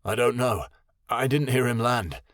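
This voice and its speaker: Broken, remorseful husband and father, in the narrator's own range; pleading, low-key. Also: measured pace, dry recording, clean studio sound, close to an everyday voice.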